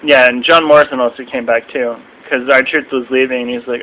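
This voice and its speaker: A young man in a casual, rambling video review at home, now and then mimicking people in shrill voices. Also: steady tone, fairly quick, hardly any pauses, fairly bright tone, slight background noise, poor audio. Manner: rambling, acts out quotes in shrill mocking voices. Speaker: vlogger reviewing wrestling.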